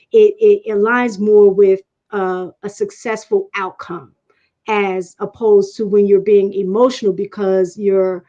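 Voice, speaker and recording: Woman panel guest, measured and thoughtful, reasons it out, dull muffled audio. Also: medium pitch, mellow. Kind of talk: explanatory casual talk.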